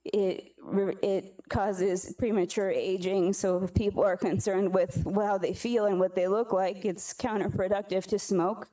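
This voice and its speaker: Tearful woman with a mellow voice. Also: mid-range voice, fairly even intonation. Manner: earnest, halting, apologetic. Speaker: public commenter. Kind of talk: public comment at a council meeting. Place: council chamber. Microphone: podium microphone.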